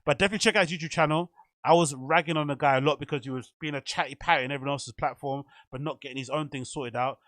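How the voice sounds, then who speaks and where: A man's voice: fairly high pitch, steady tone, racing, fairly bright tone, no echo. A man hosting a show, giving chatty, opinionated commentary with meandering asides. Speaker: host. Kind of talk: casual commentary.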